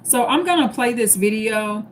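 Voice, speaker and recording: A woman's voice: a little high, expressive, normal speed, a little hiss or hum. A woman hosting a live stream, chatting casually and greeting viewers by name as they join.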